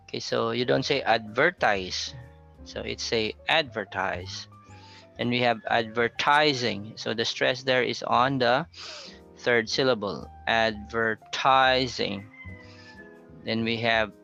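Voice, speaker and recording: Male teacher, patient classroom lecturer, bright voice with a gravelly edge, quizzes his class. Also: medium pitch. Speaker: pronunciation teacher. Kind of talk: classroom lecture on word stress. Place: classroom with a blackboard. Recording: dull lo-fi sound with faint music.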